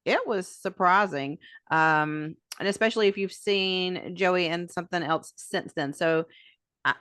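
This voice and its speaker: A woman's voice: fairly low pitch, unhurried, a bit bright, smooth, no room sound, clean studio sound. A woman co-hosting a podcast, chatting casually and thinking aloud with many fillers. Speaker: podcast co-host. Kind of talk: casual chat.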